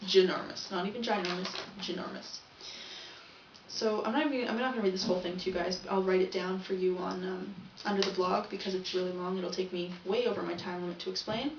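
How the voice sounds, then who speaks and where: A woman's voice: lowish voice, fairly even intonation, quick pace, hardly any pauses, far from the mic, noisy background. A young woman rambling through a casual video diary and often correcting herself. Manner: chatty, rambling, self-correcting. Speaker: vlogger. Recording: echoey, dull, from off the mic.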